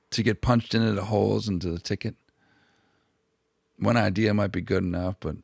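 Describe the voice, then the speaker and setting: Gravelly, crude-talking man rambling. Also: low-pitched, no room sound, studio quality. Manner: crude, profane and mocking; meandering, with restarts and asides. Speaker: history channel host. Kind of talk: rambling comedic commentary.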